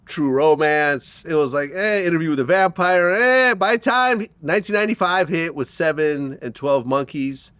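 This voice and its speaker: A man's voice: fairly high pitch, normal speed, few pauses, fairly bright tone, clear, resonant tone, no room sound. A man hosting an interview in a conversational way, asking probing questions. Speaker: interview host. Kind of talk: casual interview chat.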